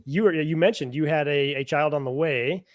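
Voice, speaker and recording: A male podcast host with a somewhat higher voice asks long, searching questions, restarting and rephrasing as he goes. His voice sits dry and close to the microphone. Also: normal speed, no echo. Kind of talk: conversational interviewing.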